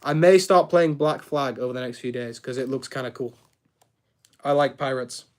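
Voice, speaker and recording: A man's voice: mid-range voice, fairly even intonation, normal speed. A young man chatting casually on a live stream while he builds, rambling, reacting to chat and tripping over his words.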